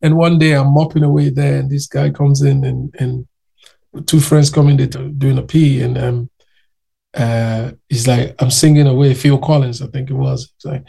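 A man telling anecdotes in a casual interview, animated and acting out the people he quotes. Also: medium pitch, normal speed, gravelly. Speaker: interview guest.

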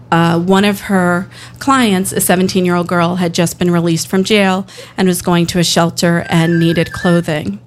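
A woman's voice: on the low side, slight background noise. A woman telling a true personal story to an audience, earnestly, acting out the people she quotes. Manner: earnest, quotes others in character.

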